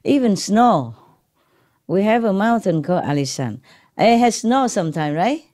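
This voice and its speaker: Mellow-voiced woman chatting with disciples. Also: medium pitch, sing-song, moderate pace. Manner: chatty and rambling, laughs often, checks in with "okay?" and "right?"; speaks English with some non-native grammar, switches into Chinese. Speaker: spiritual teacher speaking to disciples. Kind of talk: informal talk to a gathered audience.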